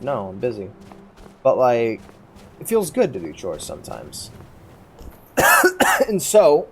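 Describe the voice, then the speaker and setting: A man's voice: mid-range voice, slight background noise. A stoned man streaming a game, rambling candidly about his life and swearing freely into a desk mic. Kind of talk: casual rambling monologue over gameplay.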